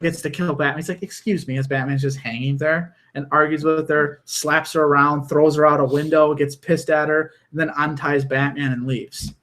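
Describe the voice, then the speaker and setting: A man on a casual podcast who retells cartoon plots with gusto, slipping into little voices for the characters. His voice sits a touch higher than most men's. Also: normal speed, few pauses. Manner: animated storyteller, acts out quoted lines. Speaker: podcast co-host.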